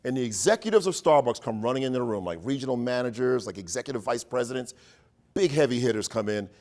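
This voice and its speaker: A man leading a workshop for educators, telling a playful, animated story and joking with his audience. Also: mid-range voice, fast.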